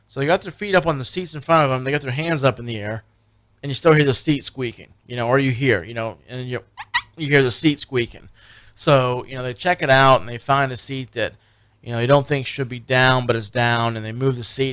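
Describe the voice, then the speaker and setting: A man's voice: mid-range voice, a little fast, a bit bright, no room sound. Man, radio co-host, rambling storyteller, dry studio sound. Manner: rambling storyteller, many fillers and restarts. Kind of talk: casual radio chat recapping a TV show.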